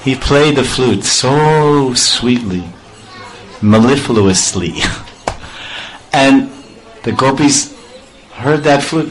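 A man giving a devotional storytelling sermon, playful and animated, acting out sounds and laughing often. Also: medium pitch, drawn-out words, long pauses, rough recording. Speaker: spiritual storyteller.

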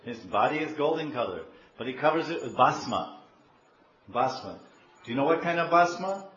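A man preaching a devotional sermon, telling stories in an animated way, repeating himself and questioning the audience. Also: mid-range voice, moderate pace. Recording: dull echoey room, faint hiss.

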